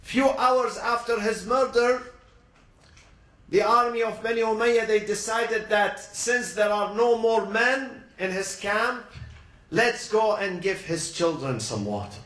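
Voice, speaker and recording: High-voiced man preaching a story, echoey. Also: a bit bright. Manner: dramatic, slows and drops low for emphasis. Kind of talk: emotional sermon storytelling.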